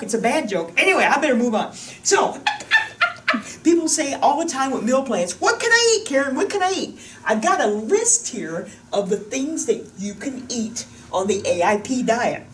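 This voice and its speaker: Standing beside a whiteboard in a room, a wellness coach gives a chatty, joking talk about diet straight to camera. Her voice is medium-pitched and sits far from the mic, with a faint hiss or hum.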